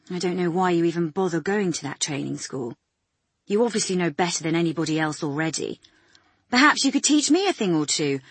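A woman's voice: on the low side, breathy edge, no echo. A woman voicing a condescending, sarcastic male psychiatrist in an audiobook. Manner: sarcastic, belittling.

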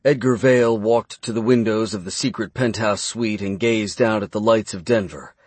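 A man narrating a fantasy novel as an audiobook, reading in a measured, dramatic way. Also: fairly low pitch, darkish tone, husky, no room sound.

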